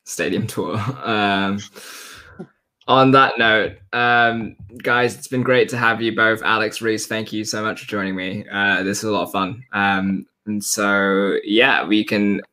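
A man hosts a relaxed sports chat, his somewhat low voice ringing bright and forward. He keeps stalling with ums and trying his phrasing again as he goes. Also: unhurried. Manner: hesitant, lots of ums and restarts. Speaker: host. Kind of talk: casual interview.

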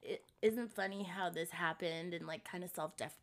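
A woman's voice: lowish voice, moderate pace. A young woman co-hosting a podcast, chatting casually, laughing often and saying "like" a lot. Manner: giggly, chatty, full of "like". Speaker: podcast co-host. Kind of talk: casual chat.

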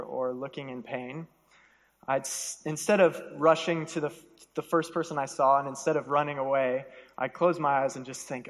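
A young man delivers a sermon as an animated storyteller, acting out the voices he hears in his head. His voice sits a little high. The sound carries the long reverb of a large church hall. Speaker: preacher.

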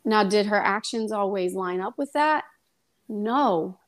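A young woman, a guest on a faith podcast, tells a personal testimony in a lively, casual way and acts out the voices in her story. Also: medium pitch, unhurried.

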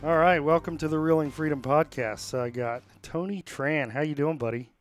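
Soft music plays behind an American podcast host whose voice sits on the high side at a normal speed. He handles sponsor reads and a casual interview in a plainspoken, filler-laden, upbeat and rallying manner.

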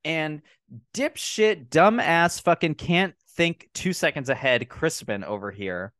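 A man hosting a casual movie review podcast, recapping scenes in a profane, mocking, animated way. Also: fairly high pitch, slow, no room sound. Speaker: podcast host.

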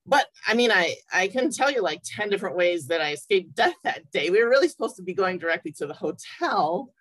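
A woman guest in a casual interview, talking in a lively, reflective way with a husky voice. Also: lowish voice, brisk. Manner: lively, reflective, laughs easily.

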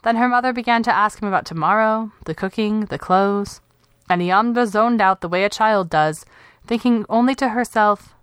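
A woman reads a literary short story aloud, measured and unhurried. Her voice sits at a middle pitch. The recording is dry and close, with no room sound. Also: smooth, no room sound. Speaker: podcast host and story reader.

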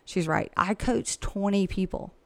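A woman's voice: medium pitch, measured pace, gravelly, no echo. A woman who works as a real estate agent and coach, talking frankly and chattily in a casual interview. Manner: chatty and frank, with laughs and asides.

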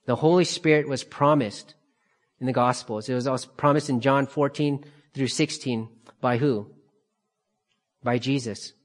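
A man teaching a Bible study, calmly explaining passages and repeating key phrases for emphasis. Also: medium pitch, unhurried.

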